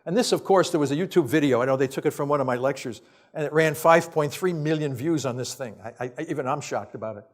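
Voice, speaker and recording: Male professor lecturing a hall; higher-pitched, blunt and exasperated, punchy rhetorical questions, loose unscripted delivery. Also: fast talker. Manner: casual, off-the-cuff phrasing with restarts. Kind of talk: science lecture to an audience.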